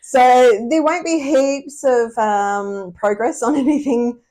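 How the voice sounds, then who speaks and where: A woman's voice: a little high, slow pace, darkish tone. A woman co-hosting a cross stitch video, chatting casually and laughing often. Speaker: co-host of a cross stitch channel. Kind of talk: casual chat.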